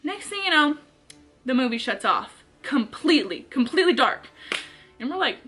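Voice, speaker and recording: A woman vlogger telling a story in a casual, animated way, with lots of filler words and swearing. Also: sits high, moderate pace, breathy edge, faint music behind. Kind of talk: storytime vlog, casual retelling.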